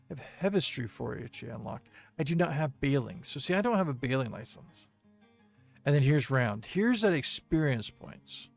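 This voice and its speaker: Gaming channel host, male, slightly high-pitched, hesitant delivery full of fillers, soft music underneath. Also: gravelly. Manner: halting, many ums and uhs, chuckles at comments. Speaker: gaming video creator. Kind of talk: casual gameplay commentary, reading viewer comments.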